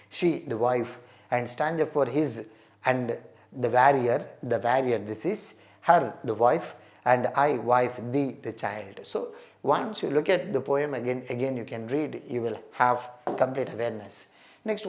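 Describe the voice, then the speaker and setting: A man's voice: mid-range voice, moderate pace. A man giving an exam-prep lecture, asking and answering his own questions and repeating key points. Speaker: English teacher.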